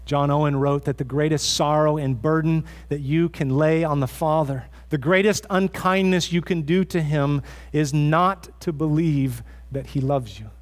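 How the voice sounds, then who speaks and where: A man's voice: a little high, normal speed, hardly any pauses. A man preaching a sermon as pastor in a church, earnest and conversational, often restarting his phrases.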